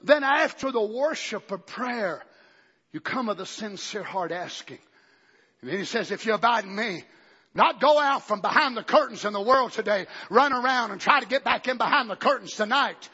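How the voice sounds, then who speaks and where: A man preaching a fiery revival sermon, bursting into shouts and then dropping low and conversational. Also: expressive, normal speed, breathy edge, in a large hall. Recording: dull lo-fi recording.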